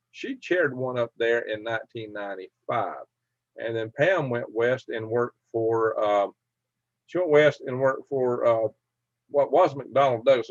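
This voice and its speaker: A man's voice: mid-range voice, no room sound. A middle-aged man hosting a casual livestream, reading viewer comments aloud in a folksy, chuckling way. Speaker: livestream host. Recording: dull lo-fi dry sound.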